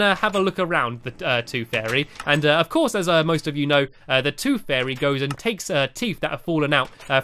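A man giving playful, excitable commentary over a video game, often filling pauses with "uh". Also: sits high, smooth. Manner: animated and excitable, frequent "uh" fillers. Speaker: gaming video host. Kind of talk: playful let's-play commentary.

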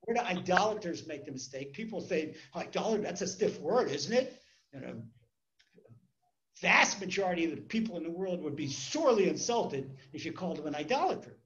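A man's voice: fairly high pitch, sing-song, fairly quick, fairly bright tone, highs cut off. A man, a rabbi, teaching a Torah class in a conversational way, repeating words as he tells stories.

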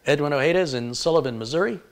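A man from Michigan hosting a live tech stream, briskly reading out where viewers are tuning in from and stumbling over hard-to-pronounce names. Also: fairly high pitch. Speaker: tech livestream host.

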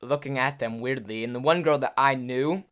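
A man's voice: mid-range voice, normal speed, fairly bright tone, clean tone. A young man casually telling a rambling story to his viewers, full of "like" fillers and acted-out quotes. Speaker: YouTuber.

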